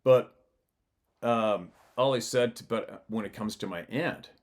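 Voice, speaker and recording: This is a man with a fairly low voice, hosting his own show in a loose, rambling monologue. He talks bluntly and swears freely. He laughs as he goes and often breaks off his sentences to start them again. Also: unhurried. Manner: rambling with frequent restarts. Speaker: channel host. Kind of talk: casual storytelling monologue.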